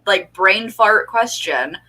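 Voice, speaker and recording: A woman hosting a podcast in a casual chat, animated and quick to react with exclamations. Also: medium pitch, poor audio. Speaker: podcast host.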